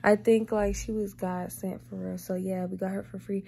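A young woman vlogging in a casual chat, doting and talking baby talk to her cat, sometimes drifting into soft whispers. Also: medium pitch, little pitch movement, normal speed, vocal fry, a little hiss or hum.

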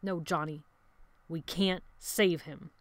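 A woman voicing Sebastian, a harsh, bossy teenage boy who leads the group with loud commands. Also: sits low, fairly even intonation, slow pace, no room sound. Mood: hard.

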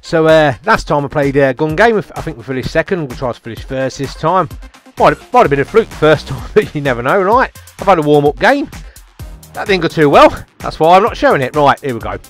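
Man, gameplay commentary; high-ish, very lively pitch, excitable, taunts opponents, faint game music behind. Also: brisk. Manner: excitable, taunting opponents, frequent swings from muttering to yelps. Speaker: gamer.

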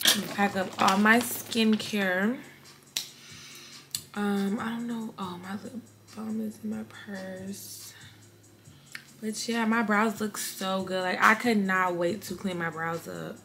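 A woman's voice: mid-range voice, steady tone, slow, fairly bright tone, a little hiss or hum. A young woman, chatting casually to her vlog viewers in a tired, rambling way. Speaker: vlogger.

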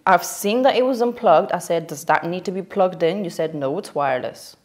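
A woman with a somewhat low voice chats on a casual podcast. She speaks with a dry, sarcastic, deadpan edge and breaks into laughter often. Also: brisk. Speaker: co-host.

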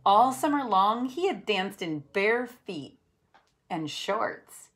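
Unhurried woman reading a picture book. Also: mid-range voice. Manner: expressive, unhurried storytelling with voiced characters. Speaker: storybook reader. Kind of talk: children's picture book read-aloud.

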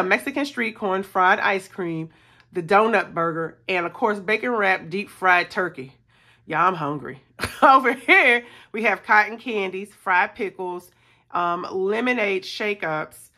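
A middle-aged woman, chatting casually to viewers as she works through a savings challenge. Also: mid-range voice. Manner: chatty, excitable, talks to viewers as y'all. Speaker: budgeting vlogger.

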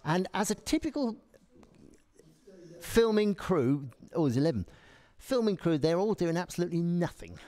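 A man's voice: sits high, big pitch swings, moderate pace, dark tone. A man, joking and chatting playfully as a performer in a live demonstration. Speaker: green screen performer.

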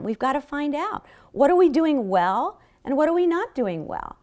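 Fairly high in pitch yet darkish in tone, this woman's voice carries her seminar lecture on public health. She recounts experiences from clinic work with earnest sincerity, often starting her sentences over.

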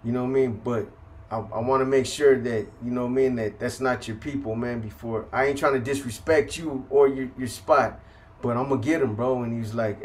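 A man telling a rough story in casual, profane street slang, reenacting the people in it as he goes. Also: medium pitch, steady tone, normal speed, a little mellow. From California. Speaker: storyteller recounting prison life.

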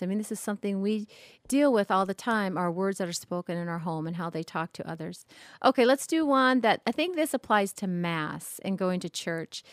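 A mother co-hosting a talk about parenting, chatty and quick to laugh. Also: mid-range voice, dry recording, clean studio sound. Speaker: podcast co-host, mother. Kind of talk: casual conversation on parenting.

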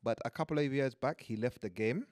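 A man's voice: medium pitch, a little fast, a little mellow, dry recording, studio quality. A young man, co-hosting a podcast and reading a listener's story aloud with joking asides. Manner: laughs often, reads the story aloud with asides. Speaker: podcast co-host.

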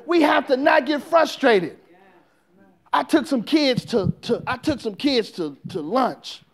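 Male pastor, very high-pitched, shouting sermon with call-and-response. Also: expressive, measured pace, creaky.

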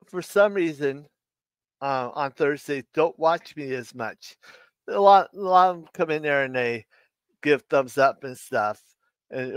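A middle-aged man hosting a live stream, telling dad jokes in a slow, halting way and chuckling at his own punchlines. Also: medium pitch, smooth, no room sound. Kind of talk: casual live-stream chat.

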